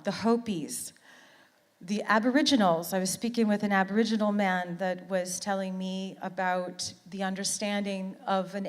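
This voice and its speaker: Her mid-range voice fills a big room as this middle-aged Canadian woman gives an earnest, heartfelt motivational speech at a conference. She leans on repeated words to drive her points home.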